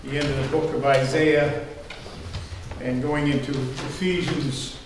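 An older pastor delivers a sermon in a church sanctuary, his voice on the high side with a level tone and a measured pace. He tells stories in a rambling, conversational way, full of fillers. The recording is echoey and distant, with faint ambience and a noisy background.

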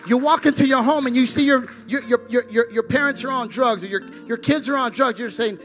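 A male pastor preaching a fervent sermon, swinging between loud exclamations and hushed asides. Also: very high-pitched, fairly quick, hardly any pauses, soft background music.

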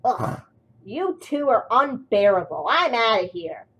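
A woman's voice: fairly high pitch, big pitch swings, unhurried, a bit bright, slightly rough, voice pushed up, full character voice, low-quality recording. A woman voicing a grumpy, vain male steam engine in a storybook tale, snippy and haughty. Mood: disgusted.

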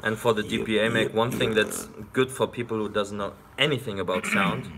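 A man's voice: lowish voice, steady tone, brisk, noisy background. A man co-hosting a casual live stream in a hotel lobby, talking loosely and a little clumsily.

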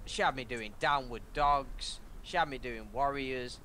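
A man's voice: mid-range voice, unhurried, bright, forceful tone, a little hiss or hum. A man co-hosting a let's play, chatting casually and teasing his friend with jokes. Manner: teasing, joking banter. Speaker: co-host. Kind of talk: casual chat over gameplay.

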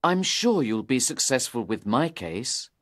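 A nervous young man in his twenties pleads for help, as a man voices him in a read-aloud story. His pitch swings in an animated way, and the recording is dry and close. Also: a little slow, no room sound. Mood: anxious. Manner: anxious and pleading. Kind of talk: audiobook character reading.

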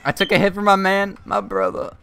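A man's voice: high voice, fairly quick, gravelly, clear, resonant tone. A man hosting a gaming video, chatting casually and joking with friends while calling out plays. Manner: excitable, joking, calls out plays.

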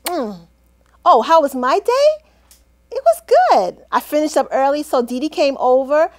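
High, lively woman acting a one-woman skit. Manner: animated, sassy, dramatic. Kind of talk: one-woman comedic drama skit, phone and one-sided conversations.

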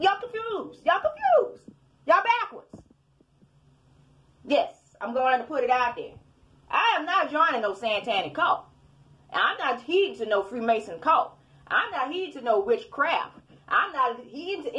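A woman's voice: high voice, very animated, normal speed, pushed and bright. A woman preaching in a fiery, scolding rant at her online commenters, repeating her points. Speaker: self-styled preacher.

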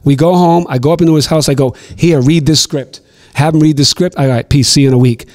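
A middle-aged man from Boston, telling stories as a podcast guest in an animated, profane way on a studio mic. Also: fairly high pitch, fast. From Boston, USA. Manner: animated, profane storyteller acting out quotes. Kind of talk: casual storytelling interview.

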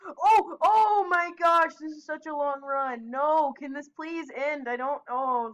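Excitable high-voiced woman gaming. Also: poor audio. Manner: excitable, yelping protests and quick asides. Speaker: gaming video host. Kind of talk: casual gameplay commentary with friends.

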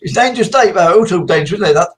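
A man's voice: high voice, lively intonation, rapid-fire. A man from Suffolk, chatting casually and laughing often with a stranger on a video chat. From Suffolk, England.

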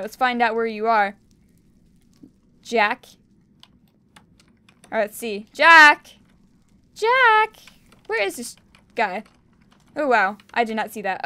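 A young woman giving excitable gameplay commentary, cheering and shrieking as she plays. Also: on the high side, clear, resonant tone, no echo. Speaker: gaming YouTuber.

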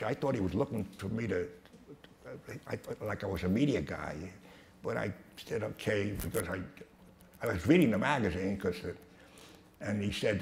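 An older man with a low, gravelly voice tells brash, profane stories in front of a crowd. He stumbles and restarts often. The sound is echoey and carries a faint hiss. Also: moderate pace. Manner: profane, blunt, with many restarts and stammers. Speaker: speaker at a talk. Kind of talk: anecdotal storytelling talk. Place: hall with a live audience. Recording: echoey hall with some noise.

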